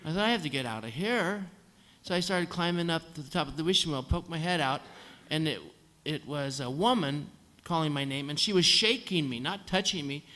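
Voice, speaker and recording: Speaking a little fast with hardly any pauses, this singer spins a dry, humorous story for a concert audience from the stage of a concert hall, voicing the nurses and doctors. His voice is on the high side, expressive, bright and forceful.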